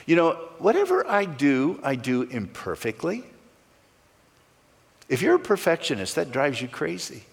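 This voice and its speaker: A man's voice: on the high side, huge pitch swings, measured pace, long pauses, long reverb tail. A male pastor preaching a sermon, stressing key words with sweeping rises and falls.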